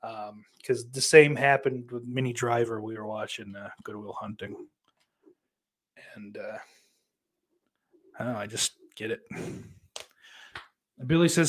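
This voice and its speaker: Guy streamer reading chat, swears a lot, rambles, mid-pitch voice. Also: moderate pace, pauses often, slightly rough. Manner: profane, rambling, self-deprecating. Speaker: livestream host reading chat. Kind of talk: casual livestream chat.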